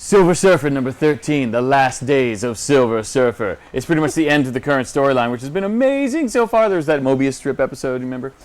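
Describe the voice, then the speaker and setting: A man's voice: medium pitch, lively intonation, quick pace, few pauses. A man on a comic book show, animatedly recapping a comic and acting out the characters' lines. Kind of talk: casual chat, recapping a comic.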